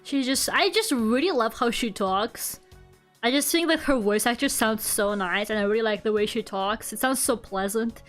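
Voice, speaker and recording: Soft music plays behind a woman streamer who talks casually as she draws, at a normal speed and in a higher register. Her chatter wanders, packed with "like" and frequent giggling.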